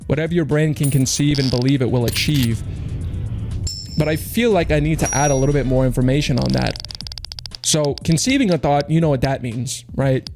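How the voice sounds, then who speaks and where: A young man streamer rambling through a profane motivational monologue, intense and preachy. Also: medium pitch. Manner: intense, rapid, profane, self-help preaching with mocking put-on quotes. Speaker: streamer opening cases. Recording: music playing underneath.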